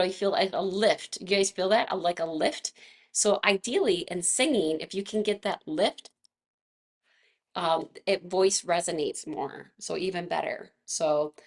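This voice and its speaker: Leading an informal movement class online and live, this woman chats gently and laughs frequently. Vocal fatigue has left her voice slightly froggy and creaky, and it sits fairly low.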